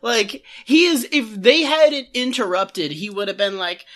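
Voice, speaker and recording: A woman's voice: a little high, lively intonation, unhurried. A woman co-hosting a comedy podcast, rambling sarcastically with lots of filler words. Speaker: podcast co-host. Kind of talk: casual comedy podcast chat.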